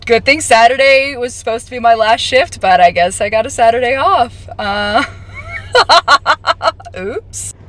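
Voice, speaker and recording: A woman with a fairly high voice tells her story straight to camera in a loose, chatty way. She is sarcastic and exasperated, often breaking into laughter between her points. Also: a little slow, fairly bright tone. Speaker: retail worker telling her firing story.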